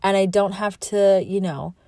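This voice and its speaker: Young woman podcast host, rambling and heartfelt, mellow lowish voice, dry close sound. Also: moderate pace, no echo. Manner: rambling, heartfelt, self-reflective, with laughs. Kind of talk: candid solo podcast monologue.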